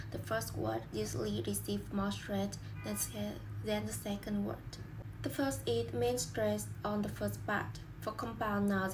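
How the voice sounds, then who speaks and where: A young woman student presenting a class lesson on word stress, reading out a prepared explanation with some slips. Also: medium pitch. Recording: clear background noise.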